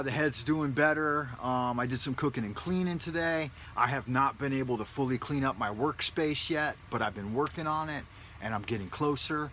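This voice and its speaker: A man vlogs from his home and talks in a loose, rambling, joking way, swearing casually as he goes. His voice is bright and forward, with a mid-range pitch. A faint background noise sits under his voice. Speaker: vlogger. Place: his home in a big city.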